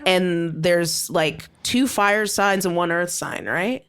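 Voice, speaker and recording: A woman hosting a podcast in casual chat, laid-back and quick to agree. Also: on the low side, a bit bright, clean tone. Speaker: podcast host.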